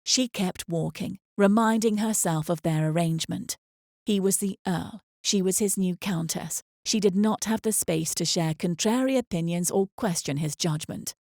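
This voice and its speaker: Gravelly-voiced woman reading an audiobook. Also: lowish voice, no echo, studio quality. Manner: measured, expressive storytelling. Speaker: audiobook narrator. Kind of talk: scripted audiobook narration.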